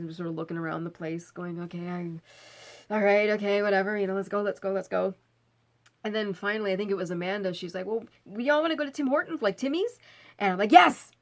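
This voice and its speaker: A tired woman in her thirties tells a creepy personal story straight to the camera. She talks casually and jumps in voice whenever she quotes people, going bright and high for the chatty ones and low for her own dread. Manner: animated, acts out quotes with voice changes. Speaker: vlogger.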